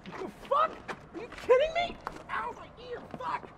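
A man's voice: very high-pitched, very animated, measured pace, echoey room, heavy background noise, full character voice. A young actor playing a man irrationally enraged by sports fans, swearing constantly and muttering until he bursts into screaming. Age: young adult. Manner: profane, seething muttering that erupts into screaming. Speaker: lead actor in a comedy short film. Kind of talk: comedy film acting.

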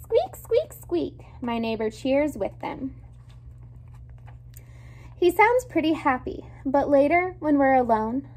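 A woman reading a children's chapter book aloud with expressive, lively storytelling. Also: high voice, slightly rough. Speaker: storybook reader.

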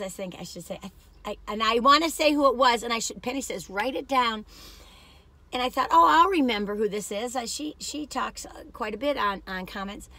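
A chatty woman, talking from her car in a loose, rambling way and laughing at herself. Her tone is bright and forceful, set a little high, and her voice sounds worn and tired. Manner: rambling, chatty, self-deprecating. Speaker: vlogger. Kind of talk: casual chat while driving.

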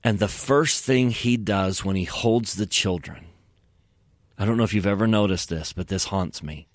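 Male podcast guest, low-pitched and unhurried, earnest and emotional scripture storytelling, dry studio sound. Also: no room sound. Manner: earnest, emotional, drops to soft hushed tones. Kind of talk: devotional storytelling.

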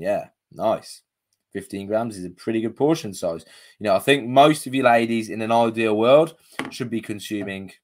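A man coaching viewers on a live video, chatty and casual, often checking in with "okay?", his voice a bit worn. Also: on the low side. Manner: chatty, punctuates with "okay?" and "you know". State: slightly losing his voice. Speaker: diabetes coach.

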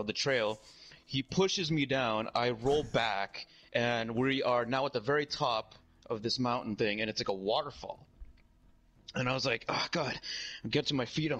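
A man's voice: mid-range voice, low-quality recording. A young man chatting casually as a streamer, telling a long story in a rambling way, full of "like" and "right?". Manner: animated, rambling, heavy use of "like" and "right?".

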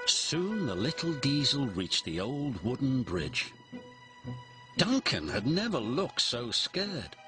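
Guy reading a kids storybook aloud, dramatic, slow, music in the background. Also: medium pitch. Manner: expressive, dramatic. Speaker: narrator. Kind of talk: storybook read-along narration.

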